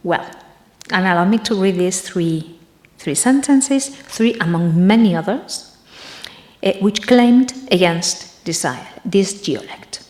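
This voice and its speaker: Woman giving a halting talk, echoey room. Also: medium pitch, lively intonation, darkish tone. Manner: halting, searches for words. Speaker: conference presenter. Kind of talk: academic conference talk.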